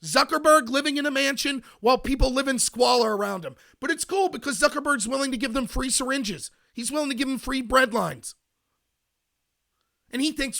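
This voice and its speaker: Man, American, high voice, bright tone, ranting commentary, responds to chat. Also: a little fast, creaky. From United States. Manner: ranting, emphatic, talks to chat. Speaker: podcast host. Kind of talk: political commentary monologue.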